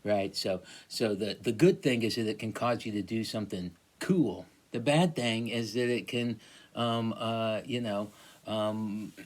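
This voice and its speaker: A man lecturing a class, halting, with many fillers and restarts. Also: on the low side. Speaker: teacher.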